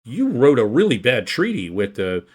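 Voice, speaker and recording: A man's voice: medium pitch, wildly swooping pitch, moderate pace, a little mellow, breathy edge. A man briefly putting on the voice of a falsely friendly male French diplomat who needles in a mock-sweet way.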